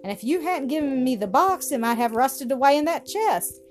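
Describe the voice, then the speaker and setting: Woman reading as a gentle, anxious old spinster. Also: sits high, lively intonation, normal speed, pitched above the performer's own voice. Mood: grateful. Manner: emotional, exclaiming. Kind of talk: storybook reading. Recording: music playing behind.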